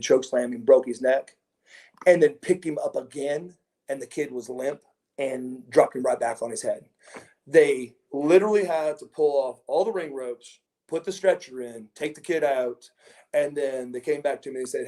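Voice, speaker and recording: Mellow-voiced man telling rambling stories. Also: medium pitch, normal speed. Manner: rambling, repeats words and restarts, chuckles between stories. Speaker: interview guest, former pro wrestler. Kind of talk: casual anecdotal storytelling.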